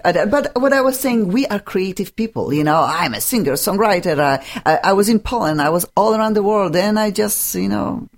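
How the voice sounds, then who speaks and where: Effusive accented female radio host, lively melodic delivery, casual interview chat. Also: medium pitch, brisk, few pauses. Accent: foreign accent. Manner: effusive, gushing, non-native English phrasing.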